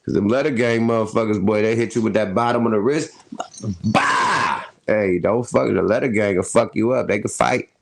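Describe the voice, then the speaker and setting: A man's voice: on the low side, fairly even intonation, quick pace, creaky, hardly any pauses. A middle-aged man hosting a casual commentary show, riffing loosely with slang and frequent laughs. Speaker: host.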